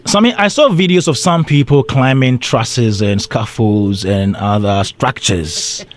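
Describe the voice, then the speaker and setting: A man's voice: mid-range voice, measured pace. A man, an interviewer asking brief, probing questions.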